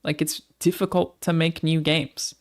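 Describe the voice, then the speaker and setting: A woman's voice: sits low, little pitch movement, unhurried. An Australian woman streamer chatting casually with her live audience, swearing freely as she talks.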